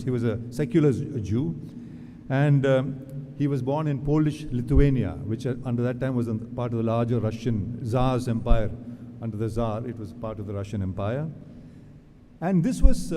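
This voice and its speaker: A man giving an academic lecture to literature students, talking in a digressive way with many fillers and restarts. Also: mid-range voice. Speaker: guest lecturer. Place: lecture hall. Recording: reverberant hall, audible background noise.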